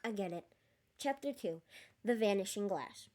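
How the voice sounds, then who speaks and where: A woman's voice: mid-range voice, measured pace. Woman reading a novel aloud. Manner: lively reading, chatty and joking in asides. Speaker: reader.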